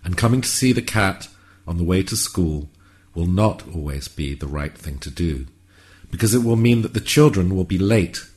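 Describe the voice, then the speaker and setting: Deep low guy telling an odd little story, calm and dry. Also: moderate pace. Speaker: narrator. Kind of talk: scripted storytelling narration.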